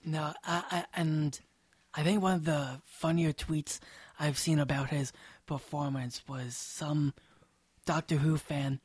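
Husky man asking questions. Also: a little high, steady tone, takes it slowly, dry recording. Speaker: podcast co-host. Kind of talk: casual chat.

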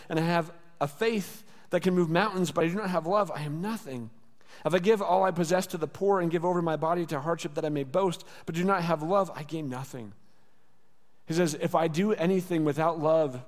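A pastor delivers a sermon in a fairly high, brisk male voice, earnest and conversational, leaning heavily on rhetorical repetition. He's in a church sanctuary, and the recording carries a long hall reverb.

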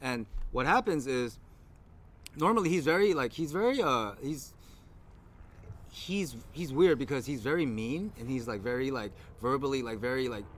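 A man's voice: medium pitch, slight background noise. A man hosting a podcast in casual chat, telling stories animatedly, swearing freely and acting out what others said. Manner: animated, profane, acts out quotes in other voices. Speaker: podcast host.

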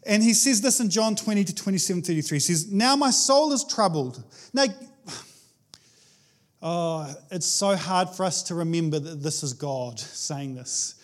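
Pastor, male, high voice, casual and enthusiastic preaching style, chatty and informal. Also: a little slow. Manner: enthusiastic, conversational, many restarts and "like". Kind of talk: casual sermon.

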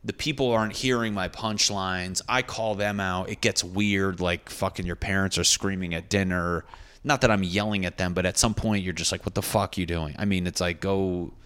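A man's voice: deep voice, fairly even intonation, normal speed, a bit bright, clear, resonant tone. A young man, a stand-up comedian, casually telling a rambling, profane story and often correcting himself.

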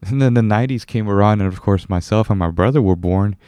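A man's voice: lowish voice, quick pace, warm tone, clean tone, dry recording, clean studio sound. A young man hosting a solo podcast, rambling casually, correcting himself and chuckling now and then. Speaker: podcast host.

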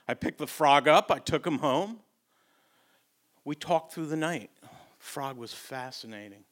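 A man doing stand-up, telling stories with blunt, crude punchlines and halting restarts, on stage before a live audience. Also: on the high side, expressive, a bit bright. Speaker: stand-up comedian. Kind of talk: stand-up storytelling.

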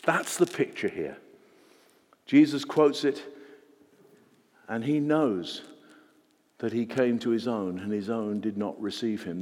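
An earnest man preaches a sermon in a fairly low voice. He repeats key words for emphasis and turns to the congregation with questions. The sound rings with the long reverb of a church. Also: darkish tone.

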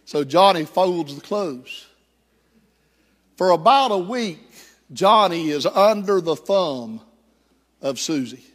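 Preacher guy, high voice, telling a story then praying, big echoey church. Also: animated, slow pace, pauses often, a bit bright. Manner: storytelling, then fervent and prayerful. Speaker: pastor. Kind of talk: sermon. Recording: echoey hall.

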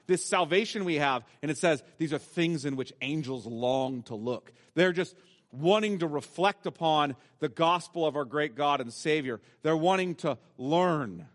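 High-voiced preacher in a reverberant church. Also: male voice, a bit bright. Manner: emphatic preaching, reads scripture aloud, slows for stress. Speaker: pastor. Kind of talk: sermon. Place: church sanctuary.

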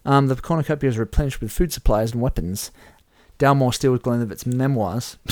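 A man in casual chat, reading out game events with animated play-by-play. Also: mid-range voice, moderate pace, no room sound, clean studio sound. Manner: animated play-by-play, chuckling at the results. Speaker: host running a whisky-themed game simulation.

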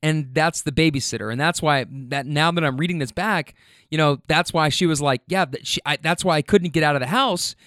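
A man hosting a talk show, telling a rideshare story with lively quoted voices and frequent laughter. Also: a little high, brisk, no echo, clean studio sound. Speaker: podcast host telling rideshare stories. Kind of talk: animated storytelling.

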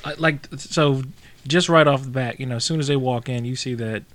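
A man in casual chat about a film, talking in a relaxed, halting way with casual swearing. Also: mid-range voice, dry recording.

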